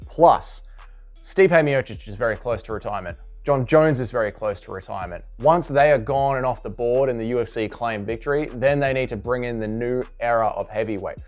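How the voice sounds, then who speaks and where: A man hosting his own channel, giving casual opinion commentary in an animated, emphatic way. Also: mid-range voice, brisk, faint music behind. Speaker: host and commentator.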